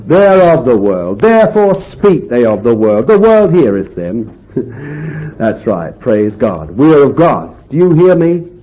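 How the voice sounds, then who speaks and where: A man preaching a fervent sermon, swinging between loud exclamations and quiet asides. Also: medium pitch, sing-song, measured pace. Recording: dull lo-fi recording.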